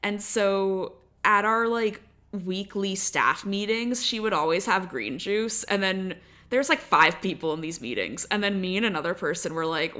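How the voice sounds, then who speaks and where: With a sharp tone, a mid-range voice, and a moderate pace, this young woman tells chatty stories as a podcast co-host. The conversation is casual, and she leans heavily on "like" as a filler.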